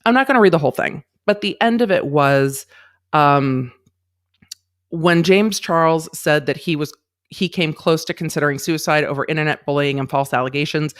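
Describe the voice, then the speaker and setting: A woman's voice: low voice, moderate pace. Blunt, emphatic woman livestream host. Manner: blunt and emphatic, swears freely; reads viewer chat and thanks supporters. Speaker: legal commentary livestream host. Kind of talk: casual livestream chat.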